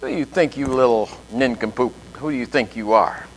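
A man voicing a boastful giant warrior who mocks his small opponent, in a low, drawn-out growl. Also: close to an everyday voice, low-quality recording. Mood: mocking. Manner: mocking, taunting. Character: scoffing giant male warrior, boastful bully.

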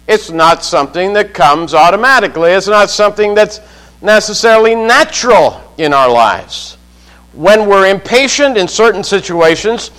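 A man preaching a sermon, slow and measured, often putting questions to his listeners. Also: high-pitched, a bit bright, rough recording. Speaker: pastor.

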